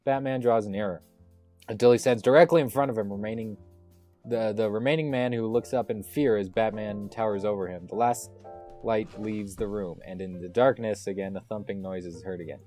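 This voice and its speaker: A man's voice: lowish voice, brisk, dark tone, soft background music. Man reading stage directions aloud. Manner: reads stage directions, stumbling and wry. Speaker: script reader. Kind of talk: comic script read-through.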